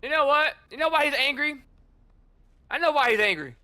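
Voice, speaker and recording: Very high, sharp-voiced male gamer. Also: animated, fairly quick. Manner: chatty, teasing taunts at opponents. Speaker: gamer streamer. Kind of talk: casual gameplay commentary.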